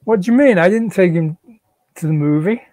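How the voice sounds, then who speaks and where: Guy reading a cornered jobless dad, defensive and pleading, dark mellow voice, dry sound. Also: sits high, fairly quick, dry recording, lightly acted. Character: unemployed husband and father, defensive. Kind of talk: live reading of a novel.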